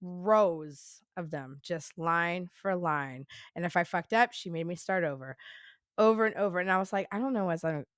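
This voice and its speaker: A woman telling a story as a podcast guest, rambling and profane, peppering her talk with laughs and quick "right?" asides. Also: on the low side, dry recording, studio quality. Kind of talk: casual storytelling.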